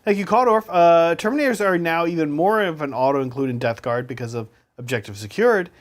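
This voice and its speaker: A man's voice: a little high, a little fast. A man hosting a casual tabletop gaming chat, reading out and thanking viewer comments. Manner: reads viewer comments aloud, thanks them. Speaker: podcast host reading chat.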